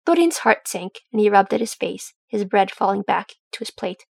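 A woman reading fan fiction aloud, with steady storytelling. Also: medium pitch, normal speed, gravelly, slightly rough, no room sound. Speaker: audiobook reader.

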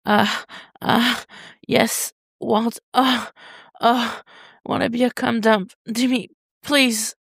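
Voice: medium pitch, flat delivery, slow pace, creaky, fairly bright tone, slightly rough, dry recording, studio quality, voice pushed up, full character voice. A reader doing a breathless, pleading young man. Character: needy, eager young adult man.

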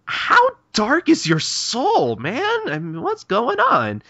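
A man voicing an exasperated teenage boy who scolds his friends in a shrill way. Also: huge pitch swings, slow pace, gravelly, sharp tone, dry recording, exaggerated voice. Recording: dull dry lo-fi mic.

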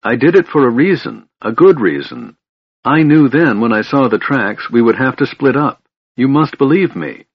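A man's voice: lowish voice, big pitch swings, normal speed, slightly rough, no echo, full character voice. A man reading the part of a secretive young female wilder elf, earnest and pleading, in an audiobook. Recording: muffled lo-fi recording.

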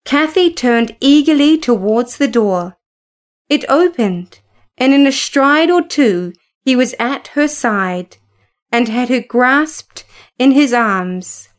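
A woman narrates a storybook in a high voice. She reads at an unhurried, deliberate pace. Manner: steady, measured reading. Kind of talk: storybook reading.

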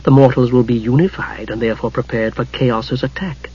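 Takhisis, a man voicing a hushed scheming goddess. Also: mid-range voice, fairly quick, a little hiss or hum, natural voice. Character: scheming dark goddess, sweet-voiced and mocking. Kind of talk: audiobook character reading. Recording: muffled lo-fi recording.

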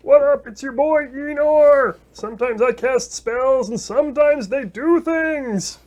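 A squeaky, cocky goofball spellcaster. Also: male voice, a little slow. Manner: cocky, goofy, loud. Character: brash, excitable spellcaster guy.

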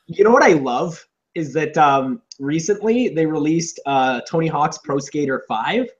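A man co-hosting a podcast, chatting casually in a rambling, profane way and acting out loud shouted quotes. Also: fairly high pitch, unhurried, highs cut off. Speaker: podcast co-host. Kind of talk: casual comedic chat. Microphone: on camera, seated.

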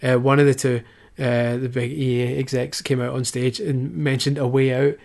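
A man talks through a podcast with a friend in a loose, sarcastic way. He swears freely, laughs often and sits at an ordinary middle pitch. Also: flat delivery, moderate pace, creaky, a little mellow. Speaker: podcast host. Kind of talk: casual chat.

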